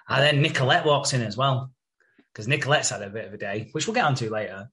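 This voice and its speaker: A man's voice: mid-range voice, animated, quick pace, sharp tone. A man casually recapping a TV episode as a podcast host, chatty and sweary, laughing as he goes.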